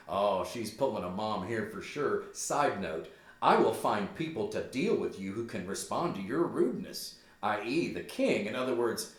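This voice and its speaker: A man's voice: lowish voice, sing-song, moderate pace. A man teaching a play, reading it aloud and explaining it in casual asides. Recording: echoey room.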